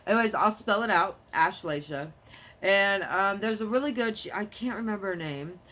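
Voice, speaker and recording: A young adult woman talking to camera in a rambling casual monologue, jumping between topics and quick to get heated. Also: medium pitch, a bit bright. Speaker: vlogger.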